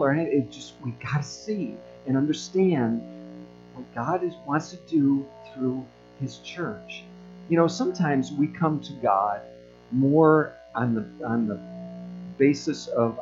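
A man's voice: on the high side, a little mellow, lo-fi sound. A man preaching a sermon as pastor, earnest and building to emphatic peaks.

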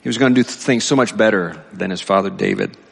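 Male pastor, low and gravelly, chatty sermon full of restarts; reverberant church hall. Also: quick pace. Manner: conversational, digressive, many fillers and restarts. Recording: long reverb.

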